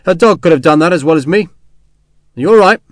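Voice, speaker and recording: Guy doing a rough talkative sergeant, bluff but kind, dry close sound. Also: a little high, animated, fast, dry recording, pitched above the performer's own voice, lightly acted. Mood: reassuring. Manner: rough, chatty soldier's talk. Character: gruff young male English sergeant, bluff and kindly.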